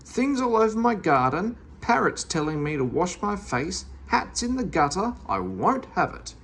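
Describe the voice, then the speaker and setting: Reader putting on a fussy little man, storybook, high and shouty, gravelly edge, swooping pitch. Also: big pitch swings, normal speed, slight background noise. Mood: furious. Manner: shouting, indignant, squeaky. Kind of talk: storybook read-aloud.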